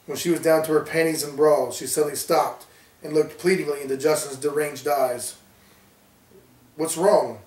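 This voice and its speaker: A man reading his own horror story aloud with a steady storytelling delivery. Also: a little high, brisk. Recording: roomy, distant from mic.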